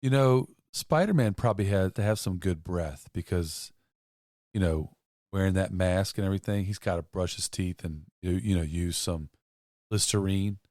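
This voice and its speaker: A man's voice: low-pitched, normal speed, darkish tone, dry recording, clean studio sound. A man co-hosting a casual chat show, joking and teasing his partner. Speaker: co-host.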